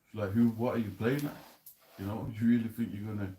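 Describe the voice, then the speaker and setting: A man's voice: lowish voice, fairly even intonation, fairly quick, warm tone, a little hiss or hum. A man hosting a loose, laughing chat about scripture, in casual street slang. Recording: roomy echo.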